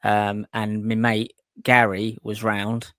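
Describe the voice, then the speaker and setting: A man's voice: lowish voice, monotone, takes it slowly, fairly bright tone, smooth, no room sound, studio quality. A man co-hosting a podcast, joking crudely and mocking himself in casual banter. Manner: crude, self-mocking humor. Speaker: co-host.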